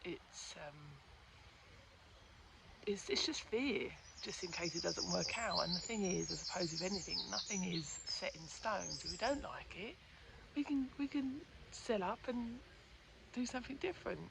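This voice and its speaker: A chatty woman talks straight to her phone in a gravelly voice, gushing and thinking out loud. She often sinks to a hushed near-whisper. Birdsong and outdoor noise hiss behind her. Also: fairly low pitch, moderate pace. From Peckham, London. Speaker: vlogger. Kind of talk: casual vlog talk to camera.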